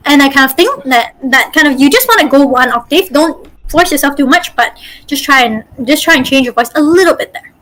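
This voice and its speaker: A woman's voice: high-pitched, expressive, a little fast, fairly bright tone, poor audio. A woman game master teaching a casual online voice acting workshop, chatty and full of fillers and restarts over a call mic.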